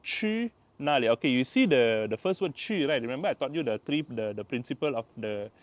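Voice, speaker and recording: A man's voice: medium pitch, lively intonation, fast talker. A man with a Malaysian English accent, tutoring in a casual home vlog, repeating each word and explaining step by step. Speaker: language tutor.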